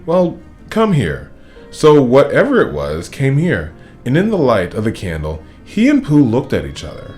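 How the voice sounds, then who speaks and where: A man reading a children's storybook aloud in an expressive, playful way. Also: mid-range voice, normal speed, faint music behind. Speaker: storybook reader.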